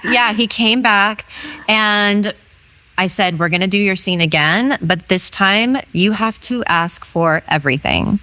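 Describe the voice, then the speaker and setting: A woman being interviewed as an intimacy educator, telling a story in an animated way and acting out the quoted dialogue. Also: lowish voice, a little slow, clear, resonant tone, dry recording.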